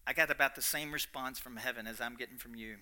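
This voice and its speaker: A man preaching a sermon with a Kentucky accent, folksy and animated, swinging between quiet asides and loud emphatic bursts. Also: mid-range voice, fast talker, slight background noise.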